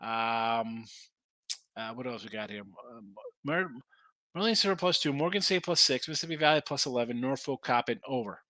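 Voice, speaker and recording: A man's voice: medium pitch, lively intonation, normal speed, pushed and bright, no echo. A man hosting a sports betting podcast, chatting in a rambling, jokey way as he reads out viewer comments. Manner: rambling, chatty, self-correcting, jokey asides. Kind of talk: casual chat reading viewer comments.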